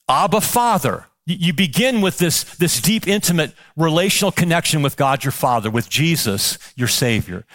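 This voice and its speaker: A man's voice: on the high side, fairly bright tone. A male pastor preaching a sermon with passion, firing off rhetorical questions and repeating words as he builds.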